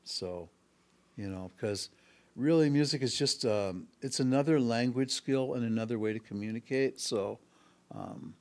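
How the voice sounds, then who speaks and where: A man's voice: mid-range voice, measured pace. Picture a male musician settling into a guest chair at a music school podcast studio. His medium voice wanders through an anecdote, and he stops often to hesitate before picking the thread back up. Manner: rambling, with frequent hesitations. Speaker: musician guest, harmonica and bass player. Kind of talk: casual storytelling in an interview.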